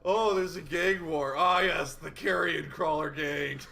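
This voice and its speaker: A man's voice: fairly high pitch, fairly even intonation, measured pace, gravelly, sharp tone. A man chatting and joking as a player in a tabletop game. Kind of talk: casual chat in a tabletop game.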